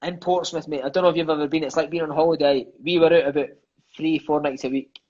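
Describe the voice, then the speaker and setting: A podcast guest from Scotland, a former footballer in his thirties, speaks at a quick pace with a fairly even intonation. His voice is on the high side and a little mellow, and the audio is dull. He tells casual, sweary stories laced with "aye" and "mate."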